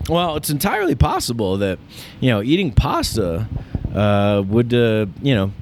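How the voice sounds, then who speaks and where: A man's voice: medium pitch, sing-song, normal speed, a little hiss or hum. Profane riffing podcast host man. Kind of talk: casual comedy chat.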